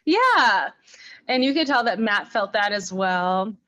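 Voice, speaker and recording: A woman co-hosting a podcast in casual recap chat, animated and emphatic with quick asides. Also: mid-range voice, no room sound, highs cut off. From not from New York. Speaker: podcast co-host.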